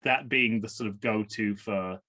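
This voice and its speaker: A fairly low, sharp-toned voice, a little slow, belongs to a podcast co-host chatting through a movie watch-along. He rambles, corrects himself as he goes and trails off.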